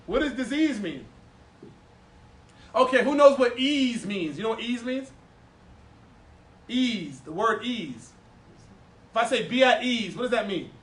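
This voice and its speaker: Man, high voice, animated teacher working a room; recorded from afar in an echoey hall. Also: unhurried, long pauses, far from the mic. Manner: animated, playful, repeats words for emphasis, laughs often. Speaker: Islamic teacher giving a class. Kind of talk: lively classroom lesson with audience questions. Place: classroom or hall with a live audience.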